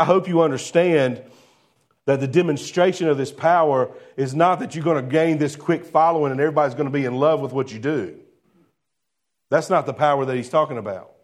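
A male pastor preaching a sermon in a conversational way, asking the congregation rhetorical questions and dropping to a soft, low voice on key phrases.

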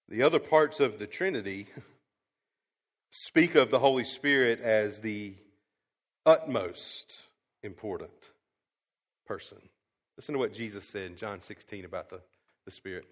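A male pastor preaching a sermon, swinging from quiet to loud and emphatic. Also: on the low side, expressive, unhurried, long pauses. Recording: long hall reverb.

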